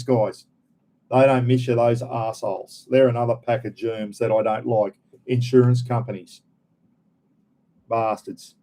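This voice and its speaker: Australian man, livestream host, blunt and foul-mouthed, mellow darker voice, mid-pitched. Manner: blunt, swears often, talks straight to viewers. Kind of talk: casual live-stream rant.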